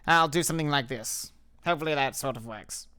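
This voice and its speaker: A man's voice: fairly high pitch, brisk, sharp tone, clean tone, no room sound, studio quality. A man streaming a game, reading its dialogue aloud and chatting in self-mocking asides.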